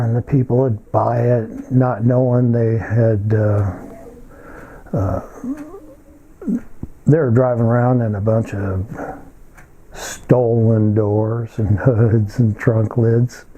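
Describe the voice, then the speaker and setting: An older man telling a story in a casual monologue, halting and rambling with many filler pauses. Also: medium pitch, flat delivery, warm tone, highs cut off.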